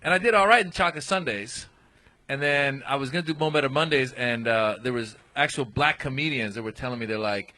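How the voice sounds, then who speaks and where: A man's voice: fairly high pitch, fast talker, bright, forceful tone. A male comedian telling a stand-up story on a live comedy podcast, acting out quotes in raised voices. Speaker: comedian guest.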